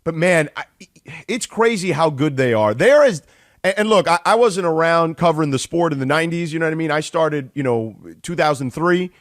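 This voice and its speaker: A man hosting a radio show, chatty and quick to laugh as he asks questions. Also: on the high side, expressive, dry recording, studio quality. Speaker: radio host. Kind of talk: casual radio interview.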